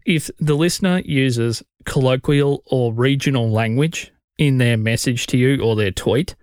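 An Australian man hosting his own podcast, talking bluntly and casually. His voice sits at a middle pitch. It is recorded dry and close to the mic, with no room sound. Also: no echo. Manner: blunt, conversational, opinionated. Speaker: podcast host. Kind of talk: solo podcast advice.

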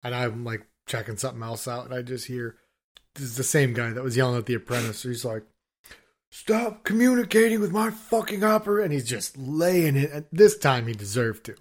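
A man chatting casually on a podcast, spinning loose, filler-packed stories about work. He swears freely and keeps restarting his sentences. When he quotes angry coworkers, he imitates their shouting. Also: mid-range voice, fairly quick. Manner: rambling storyteller, swears freely, filler-heavy; acts out other people's shouting in his stories. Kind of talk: casual chat.

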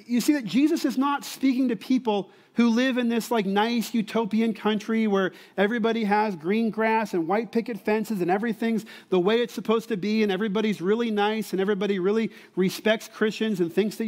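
A man's voice: sits high, a little mellow. A man and Bible teacher giving a sermon to college students in a conversational way, often repeating words and asking the listeners whether they see it.

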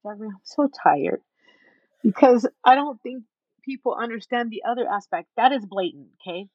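A woman guest in an interview, telling a story in an animated way and acting out the people in it. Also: fairly high pitch, moderate pace, dry recording, dull audio. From Texas. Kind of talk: storytelling in a conversation.

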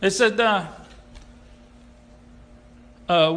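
A man preaching a sermon, animated and sarcastic, who acts out the people he quotes. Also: fairly high pitch, a little slow. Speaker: pastor.

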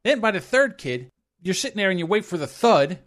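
Middle-aged podcast dude telling stories, lively up-and-down voice, does little voices for people. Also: male voice, high-pitched, brisk. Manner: animated storytelling, acts out quoted voices. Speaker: podcast co-host. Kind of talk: casual opinion talk.

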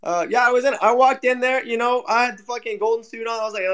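A man with a high-pitched voice rants through a casual online chat, swearing heavily and leaning on repeated fillers. He talks like a co-host settling in for a long complaint. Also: fast, hardly any pauses, fairly bright tone. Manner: ranting, heavy swearing, repetitive fillers. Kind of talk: casual chat on an audio stream.

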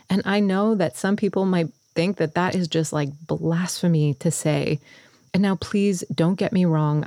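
A woman's voice: lowish voice, dark tone, dry recording, studio quality. A woman hosting a podcast in her early morning voice, earnest and thoughtful as she talks through her thinking. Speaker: podcast host. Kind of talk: solo podcast introduction.

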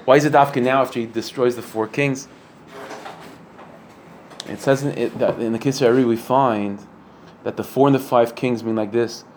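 A man teaches a Torah class in an earnest, explanatory way, asking rhetorical questions and filling pauses with frequent fillers. His voice sits at a middle pitch. A faint hiss of noise runs underneath. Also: fairly even intonation, a little mellow. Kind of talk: Torah lecture.

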